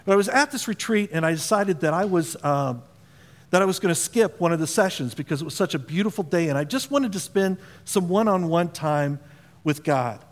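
A man's voice: high voice, lively intonation, fairly quick, big-room sound. A man preaching a sermon as pastor, talking conversationally and asking the congregation questions. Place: church auditorium.

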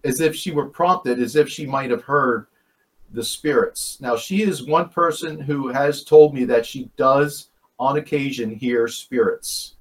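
A man's voice: medium pitch, unhurried. A man telling stories from paranormal investigations in casual chat, rambling and often correcting himself. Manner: rambling, self-correcting, chuckles. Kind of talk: casual storytelling.

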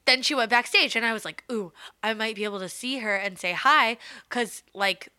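A woman co-hosting a podcast, chatting casually and telling an animated story full of "like". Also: on the high side, normal speed, smooth. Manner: animated storyteller, lots of "like", acts out quotes. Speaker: podcast co-host. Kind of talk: casual chat.

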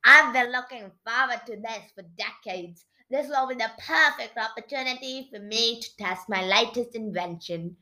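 A woman reading aloud and voicing a gleeful, eccentric old inventor grandfather mouse who declares things loudly. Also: a little high, normal speed, hardly any pauses. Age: older.

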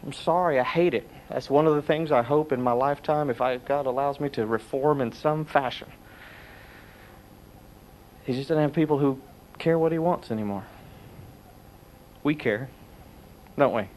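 A man's voice: mid-range voice, moderate pace, long pauses, slight background noise. A middle-aged man preaching a sermon, telling stories and acting out the voices he quotes. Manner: animated storytelling, acts out quotes.

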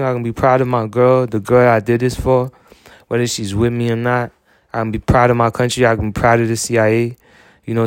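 A man's voice: medium pitch, smooth, dry recording, studio quality. A young man rambling through a personal monologue as podcast host, swearing often and repeating filler phrases. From United States.

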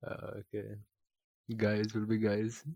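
A young man co-hosting a casual podcast, relaxed, laughing often and giving short replies. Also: lowish voice, slow pace, gravelly, dry recording, lo-fi sound. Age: young adult. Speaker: podcast co-host. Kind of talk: casual chat.

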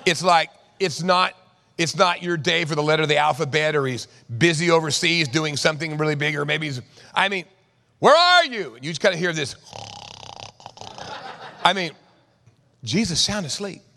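A man preaching a sermon, swinging from loud bursts to hushed tones and acting out quoted voices. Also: on the high side, normal speed, vocal fry, pauses often. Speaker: pastor. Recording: reverberant church hall.

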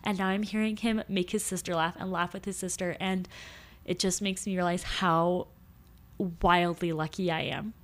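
A woman's voice: lowish voice, steady tone, normal speed. A young adult woman co-hosting a casual podcast chat, telling personal stories in an earnest, heartfelt way. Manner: warm, earnest storytelling. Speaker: podcast co-host.

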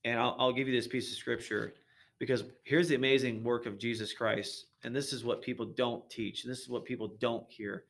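A man talking earnestly about faith in a relaxed podcast conversation, often repeating words as he thinks. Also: mid-range voice, brisk, gravelly. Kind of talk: casual religious discussion.

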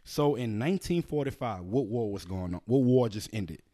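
A man hosting a casual podcast with a lively, swinging pitch. He tells stories loudly and swears freely, with animated, excitable energy. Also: moderate pace. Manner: profane, loud, animated storytelling. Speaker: podcast host.

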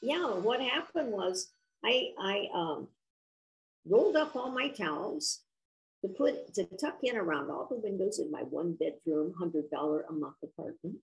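An older woman, an author, telling a personal story in an interview in a reflective, earnest, unhurried way. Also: medium pitch, lively intonation, rough recording.

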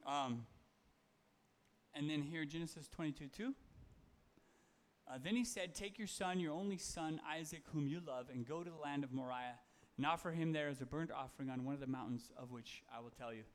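A preacher with a fairly high-pitched voice speaks briskly in a casual, conversational sermon. He reads Bible verses and talks them through, using fillers and correcting himself along the way.

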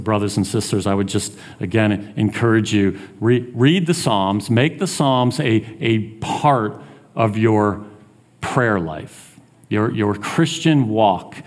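A man's voice: medium pitch, a little mellow. A man preaching a sermon in an earnest, conversational way, with plenty of restarts. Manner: earnest, conversational, acts out taunts in a raised voice.

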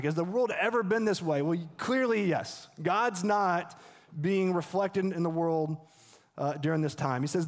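A man with a high voice preaches a sermon in a church, his words ringing out with a long reverb. He talks in earnest and repeats himself, with restarts and rhetorical questions to the congregation. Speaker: pastor. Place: church sanctuary.

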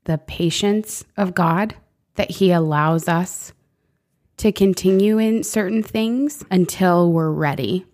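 A woman's voice: fairly low pitch, slow, a little mellow. A woman co-hosting a faith conversation, speaking earnestly and reflectively and quoting scripture. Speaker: podcast co-host.

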